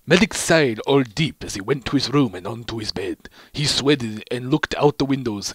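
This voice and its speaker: A man's voice: mid-range voice, slightly rough, no room sound. A man hosting his own channel, casually reading a fan fiction story aloud in a wry tone and stumbling over words now and then. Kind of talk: casual amused read-aloud.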